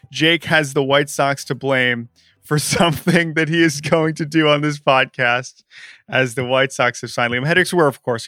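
A man co-hosting a casual sports podcast, animated and quick to act out mock quotes. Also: fairly high pitch, dry recording, clean studio sound. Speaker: podcast co-host.

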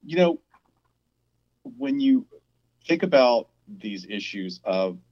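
A man's voice: medium pitch, huge pitch swings, slow, gravelly, a little mellow, dull audio. A man co-hosting a casual discussion podcast, thinking aloud with frequent restarts as he builds his point. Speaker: podcast co-host.

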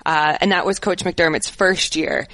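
A woman's voice: fairly low pitch, steady tone, measured pace, sharp tone, no room sound, low-quality recording. A woman football coach talking with enthusiasm and care in a casual interview. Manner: enthusiastic, earnest, laughs easily.

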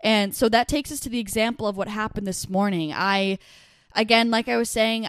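A woman's voice: mid-range voice, clear, resonant tone, no echo, studio quality. A young woman, hosting a self-help podcast in a casual, chatty way, full of "like" fillers and restarts. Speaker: podcast host.

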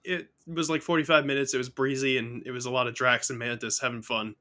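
A man's voice: medium pitch, little pitch movement, quick pace, bright, forceful tone. A man co-hosting a podcast, chatting in an upbeat and teasing way. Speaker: podcast co-host. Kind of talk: casual chat.

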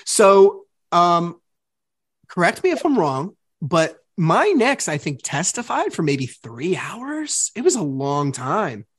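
A woman hosting a podcast in a casual recap conversation, with a slightly husky, lowish voice. Her pitch swings widely as she talks. She swears freely and acts out past arguments in quoted lines. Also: very animated, slow, no echo, studio quality. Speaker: podcast host.

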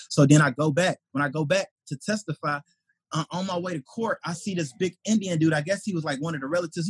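A stand-up comedian from Detroit, USA, tells an animated story in conversation, acting out the voices of the people in it. His voice is fairly high and slightly rough, he talks fast, and the recording is dry.

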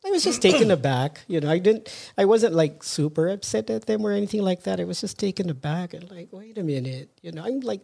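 A man's voice: sits high, animated, fast talker, gravelly, hardly any pauses, a little mellow. A middle-aged man with a Filipino accent, a podcast guest telling stories in casual talk, switching now and then into Tagalog phrases. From Philippines. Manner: mixes Tagalog phrases into English, laughs often. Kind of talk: casual interview storytelling.

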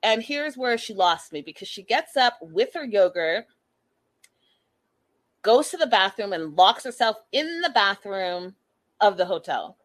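A woman talking straight to her viewers in a loose, chatty recap. Her delivery is animated and judgmental, with her pitch sitting in an everyday middle range. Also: measured pace. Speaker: commentator. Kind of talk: casual recap commentary.

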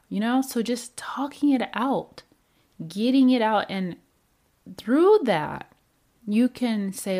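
Her voice a little high, this self-help speaker takes her time, leaving long pauses in a reflective motivational talk. She coaches calmly and keeps asking the listener questions.

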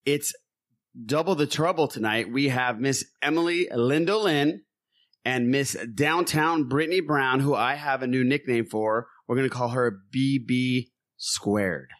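A man's voice: mid-range voice, a little slow, dry recording, studio quality. A man hosting a casual podcast, upbeat and jokey, often laughing as he talks. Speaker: podcast host.

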